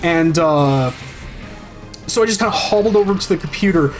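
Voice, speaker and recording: A man's voice: on the high side, expressive, moderate pace, faint music behind. A man streaming a video game, telling a long story in a rambling, profane way with many restarts and fillers. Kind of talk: casual storytelling over gameplay.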